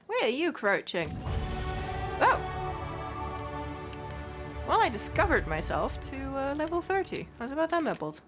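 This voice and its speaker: High, lively woman streamer. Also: a little slow, pauses often, music in the background. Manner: chatty, talks to herself and her pets, swears, squeals. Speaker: let's play streamer. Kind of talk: casual gaming commentary.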